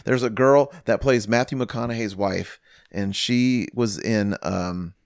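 A man's voice: fairly low pitch, unhurried, gravelly, clean tone, no echo, clean studio sound. A man co-hosting a podcast in casual chat, rambling with lots of "like" and "um" and casual swearing. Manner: rambling, filler-heavy, profane. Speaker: podcast co-host.

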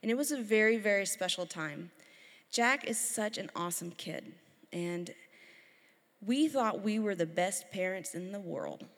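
A woman in her thirties preaching a sermon, telling lively stories and acting out her children's voices. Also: medium pitch, unhurried. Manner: lively storytelling, acts out her kids' voices. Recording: long hall reverb.

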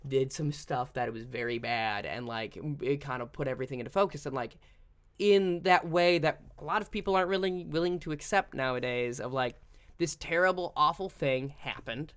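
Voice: mid-range voice, normal speed, fairly bright tone, clean tone. A young adult co-host in casual chat, rambling and filling gaps with "like". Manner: rambling, frequent "like" fillers.

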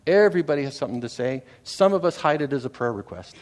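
A man's voice: medium pitch, lively intonation, fast. Conversational middle-aged male pastor preaching. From Canada. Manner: conversational, repeats words, checks in with "okay?". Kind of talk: sermon.

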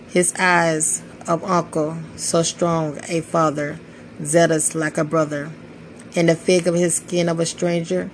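A woman in her twenties reading her own spoken-word poetry, slow and solemn with measured pauses. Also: low voice, slight background noise, poor audio. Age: 20s. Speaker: poetry podcaster.

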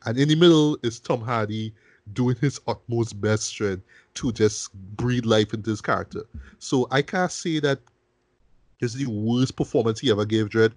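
A man hosting a film review podcast in casual chat, animated and profane, often tagging "right?" and restarting words. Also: mid-range voice, normal speed, no echo.

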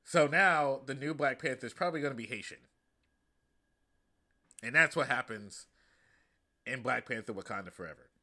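A man hosting a podcast, reviewing a movie in a loose, profane, animated way. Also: medium pitch, normal speed, pauses often. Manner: loose, profane and animated, acting out quoted lines. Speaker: podcast host. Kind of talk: casual comedic movie review.

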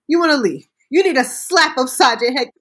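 A woman's voice: sits high, animated, moderate pace, fairly bright tone, slightly rough, no room sound, studio quality, voice pushed up, full character voice. A woman imitating a stern mother who scolds her grown daughter bluntly and with cussing. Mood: scolding.

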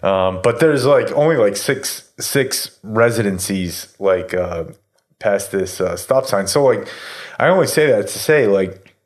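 A man's voice: lowish voice, lively intonation, unhurried. A man in his thirties telling a story in casual chat, rambling with lots of fillers and swearing. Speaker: podcast host telling a story.

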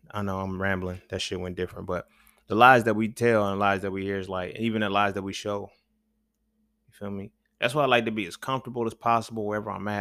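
A podcast host with a lowish, creaky voice and a fairly bright tone rambles through a casual monologue loaded with profanity and slang, often tossing in "you feel me." There's no room sound on the recording.

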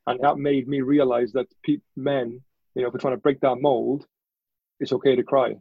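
Male guest, earnest and halting, dry close sound. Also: mid-range voice, level tone, breathy edge, no room sound, narrow, tinny audio. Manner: earnest, halting, with frequent restarts. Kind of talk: candid personal storytelling.

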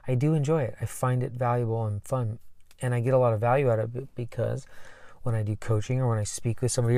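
A man's voice: medium pitch, darkish tone, no echo, studio quality. A man who coaches, talking casually and earnestly about himself, rambling with many fillers. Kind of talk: casual personal talk.

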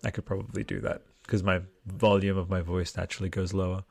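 A tired man hosts a livestream at his home desk, talking into a close desktop mic in a somewhat low voice. His delivery is loose and rambling as he reads viewer comments aloud, with the odd curse word. The sound is dry, with no room echo. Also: flat delivery, fast, gravelly, a little mellow. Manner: rambling, chatty, swears freely. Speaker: podcast host. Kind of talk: casual livestream chat reading viewer comments. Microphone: desktop mic with headphones.

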